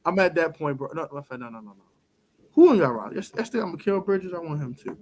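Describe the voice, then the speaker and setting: A man co-hosting a casual sports talk show, animated and laughing often as he acts out other people's words. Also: on the high side, quick pace, crowd noise. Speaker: podcast co-host.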